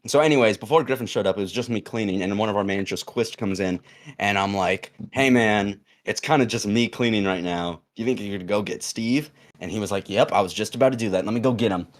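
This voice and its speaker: A young adult man tells a long story on a podcast in a casual, rambling way, using fillers and restarts and acting out the quoted lines. His voice sits on the low side, and he talks fast.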